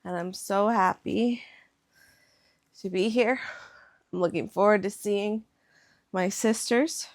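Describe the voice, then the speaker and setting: A woman's voice: mid-range voice, steady tone, takes it slowly, pauses often. A woman hypnotherapist in a casual reflective vlog, meandering and spiritual, saying "like" often.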